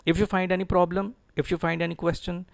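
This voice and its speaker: A middle-aged man teaching an English pronunciation lesson, slowly drilling words with his students through repetition. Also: sits high, level tone, creaky, no echo.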